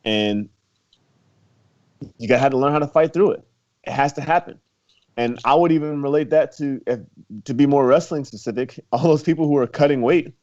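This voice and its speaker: Brisk but pausing often, a young man who wrestled in college talks as a relaxed interview guest in a medium-pitched, darkish voice. He laughs a lot and fills gaps with "like" and "you know," and the lo-fi recording sounds muffled.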